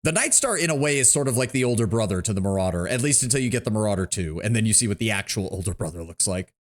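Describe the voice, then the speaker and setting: Low-voiced, lively male game streamer. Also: fast. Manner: relaxed and profane, enthusing about mechs. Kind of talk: casual gaming livestream commentary.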